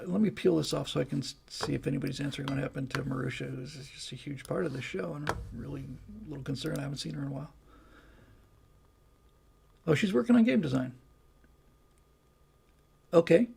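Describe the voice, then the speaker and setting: Older guy rambling thru a live stream, real gravelly, kinda husky. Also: on the high side, brisk, pauses often, a little mellow. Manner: rambling, folksy, restarts and asides. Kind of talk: casual live-stream chat reading comments.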